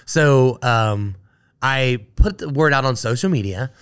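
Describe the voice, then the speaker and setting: A man's voice: mid-range voice, moderate pace. Male podcast guest, conversational storyteller, medium voice, loose and filler-heavy. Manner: animated, full of fillers like "like" and "you know". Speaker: podcast guest, Army veteran. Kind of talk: casual storytelling interview.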